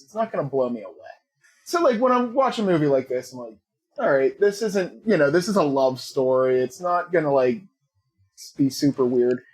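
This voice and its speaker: A man with a slightly raised pitch and a husky edge chats about a movie, swinging his voice up and down as he reacts. He talks bluntly and swears freely, in a casual, animated way. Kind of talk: casual movie discussion chat.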